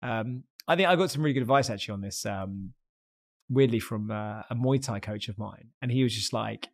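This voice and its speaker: A man's voice: on the low side, fairly quick. A man hosting a podcast interview, talking casually and candidly, swearing freely and laughing often. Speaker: podcast host.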